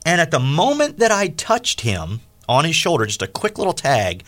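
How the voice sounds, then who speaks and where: A man hosting a faith radio interview, telling a story with lively acted-out quotes. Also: normal speed, hardly any pauses. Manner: animated, acts out quoted speech with big pitch jumps. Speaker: radio show host.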